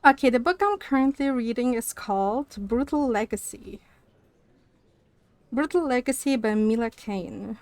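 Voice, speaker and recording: A young woman streamer talks to her chat, a little out of breath because she walks as she talks. Her voice sits fairly high and she speaks at an unhurried pace, then gets animated and curses. The sound is close and dry, with no room around it. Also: dry recording. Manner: animated, swearing, laughs often. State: slightly out of breath, on a walking pad. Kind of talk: casual chat with live chat.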